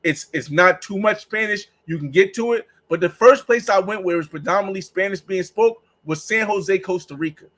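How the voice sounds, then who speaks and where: Man, high voice, travel vlog host, casual chat, rambling storyteller. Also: fairly quick, few pauses, fairly bright tone, rough recording. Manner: rambling, storytelling with acted-out exchanges.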